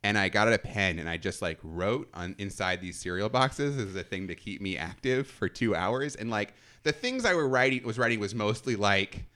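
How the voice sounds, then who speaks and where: Man, lively pitch swings, self-mocking storyteller, casual chat, laughs a lot. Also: normal speed, hardly any pauses. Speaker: podcast storyteller.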